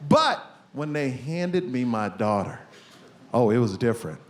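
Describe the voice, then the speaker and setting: A man in his forties performing a stand-up comedy set, telling stories with loud, animated punchlines. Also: mid-range voice, measured pace. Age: 40s. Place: stage before a live audience. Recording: live stand-up recording with audience noise.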